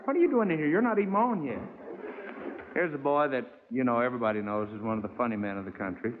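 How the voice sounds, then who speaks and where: A man's voice: mid-range voice, expressive, fast, slight background noise. Folksy guy hosting an old tv variety show, voice jumps around a lot, tinny broadcast sound w/ hall echo. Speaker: host. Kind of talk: variety show host introduction. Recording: lo-fi 1960s TV broadcast, hall reverb.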